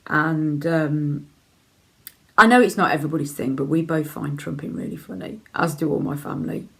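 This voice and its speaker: A woman's voice: deep voice, animated, normal speed, creaky, a bit bright. A middle-aged woman with a Leicester accent, chatting frankly to camera as she answers viewer questions, with plenty of ums and easy laughs. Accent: Leicester English. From England (Leicester). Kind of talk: casual chat.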